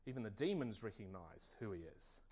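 A man preaching a sermon at a church service, earnest and measured. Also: lowish voice, big pitch swings, a little mellow, husky, highs cut off.

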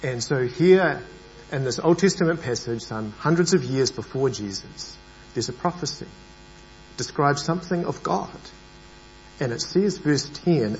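Man preaching with halting fillers. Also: fairly high pitch. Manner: hesitant, many fillers, grows animated. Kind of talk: sermon. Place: church. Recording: dull lo-fi recording with mains hum.

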